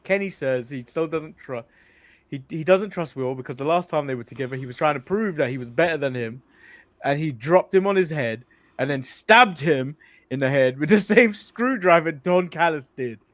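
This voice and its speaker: A man's voice: on the high side, animated, normal speed. An English man co-hosting a casual wrestling podcast, joking, swearing freely and laughing often. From England. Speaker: co-host.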